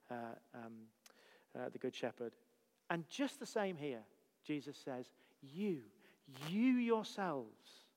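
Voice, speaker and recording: Emphatic preacher in echoing church. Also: male voice, a little high. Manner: emphatic, rhetorical questions, steady preaching cadence. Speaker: pastor. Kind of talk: sermon.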